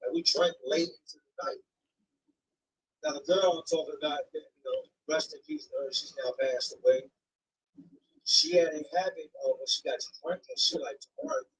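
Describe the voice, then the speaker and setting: Animated slangy man, off-mic. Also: fairly high pitch, normal speed, far from the mic, rough recording. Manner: animated, slangy, acts out quoted lines. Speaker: streamer telling a personal story. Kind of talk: casual storytelling.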